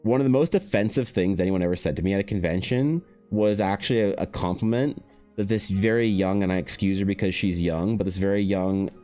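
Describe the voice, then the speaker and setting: A man streaming while he paints, chatting casually in a rambling, profane way, his pitch leaping up now and then. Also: fairly quick, warm tone, faint music behind. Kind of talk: casual livestream chat.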